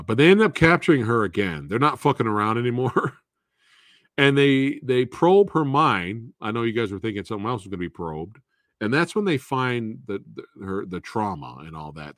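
A man's voice: fairly low pitch, a bit bright, no echo, studio quality. A man hosting a casual movie review show, rambling through plot spoilers, laughing often and swearing freely.

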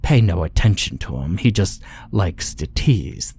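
A man's voice: low-pitched, big pitch swings, measured pace, a little mellow, breathy edge, heavily acted. A man voicing a stern little carnival showman scolding a performer.

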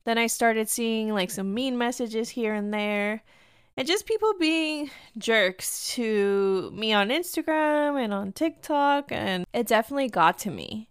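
Candid podcast host woman, smooth dry voice. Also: a little high, lively intonation, unhurried, dry recording. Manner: candid, confessional, rambling storytelling; drops into Spanish phrases. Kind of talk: personal podcast monologue.

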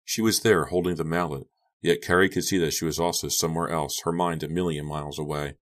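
The characters in this young-adult horror audiobook have their outbursts, but the narrator's very deep voice stays steady throughout. He reads the scripted text in a measured, subdued way.

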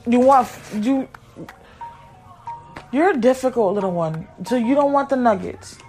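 A woman with a highish, lively voice hosts a podcast, speaking unhurriedly and a little mellow, with faint music in the background. As a mother, she rambles frankly and scatteredly to listeners, pausing now and then to tend to her kids.

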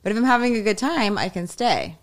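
A woman's voice: mid-range voice, sing-song, fairly quick. A young woman guest in a casual chat, upbeat and easygoing, often trailing off. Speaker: guest, improv comedian.

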